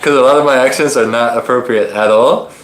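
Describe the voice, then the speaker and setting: A man co-hosting a casual live-stream chat from his living room, joking and teasing in relaxed banter. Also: medium pitch, brisk. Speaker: co-host. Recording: echoey living room, faint noise.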